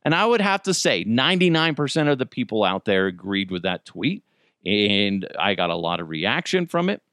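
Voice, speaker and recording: A man hosting a solo commentary show, ranting with heavy swearing and swinging between loud outbursts and low muttered asides. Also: very animated, normal speed, no room sound, studio quality. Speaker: show host.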